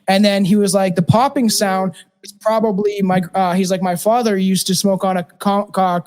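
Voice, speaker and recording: A man's voice: high-pitched, flat delivery, normal speed, a little mellow. A man co-hosting a podcast, talking casually and swearing freely, telling a story in long runs of "he's like". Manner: swears freely, tells stories with lots of "he's like". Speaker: podcast co-host.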